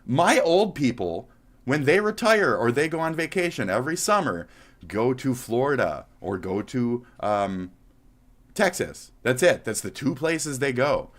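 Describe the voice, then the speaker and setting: A man's voice: mid-range voice, big pitch swings, unhurried. A man from Minnesota, live-streaming and reacting to clips, talking in a blunt, profane way. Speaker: livestreamer.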